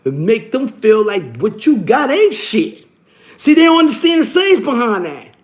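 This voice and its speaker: A middle-aged man chatting casually on a livestream, animated and slangy, swearing often. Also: sits high. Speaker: livestream host.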